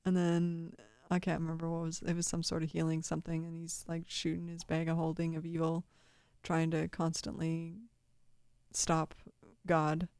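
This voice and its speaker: A woman rambles through casual video commentary, cursing freely and laughing often. Her voice is low-set, mellow and smooth, recorded close and dry. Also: monotone, normal speed, no echo.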